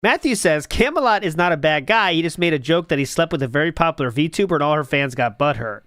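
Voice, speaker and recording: A man with a slightly high voice hosts a casual stream and reads out viewer messages. He needles his co-host with dry sarcasm. His voice sounds close and dry, with no room echo. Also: expressive, fast, fairly bright tone. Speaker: host reading chat. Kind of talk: casual chat.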